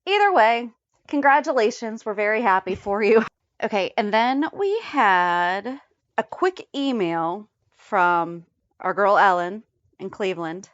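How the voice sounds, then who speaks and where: A woman's voice: mid-range voice, expressive, a little slow, dry recording, dull audio. A woman co-hosting a fan podcast, chatting casually and reading through a list of episode headlines. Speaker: podcast co-host. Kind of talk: casual recap chat.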